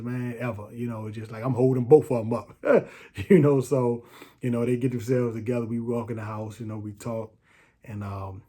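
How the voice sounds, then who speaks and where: A middle-aged man from the D.C. area tells his own story in a low-key, conversational way. His voice is warm and mellow and stays fairly level in pitch. He pauses and restarts often as he reflects. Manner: reflective and unhurried, with frequent fillers and restarts. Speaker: storyteller recalling his release from prison. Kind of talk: casual personal storytelling.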